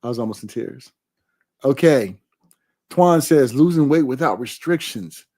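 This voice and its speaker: A man's voice: mid-range voice, expressive, a little slow. Big-voiced man hosting a live stream. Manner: warm, repetitive, emphatic affirmations. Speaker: livestream host reading viewer comments. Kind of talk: casual live stream chat.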